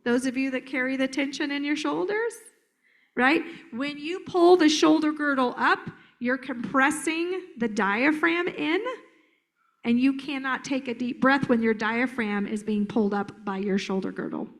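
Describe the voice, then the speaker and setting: Brief: middle-aged woman therapist presenting a workshop, playful and animated, slightly high voice. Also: unhurried. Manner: lively, playful, acts out children's voices. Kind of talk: conference workshop talk. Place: conference hall.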